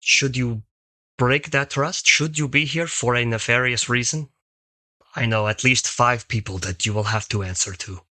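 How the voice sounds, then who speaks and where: A man voicing a stern, protective male warrior in a tabletop game, giving a grave, deliberate warning. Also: medium pitch, pushed and bright, no room sound. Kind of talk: tabletop role-play voice acting.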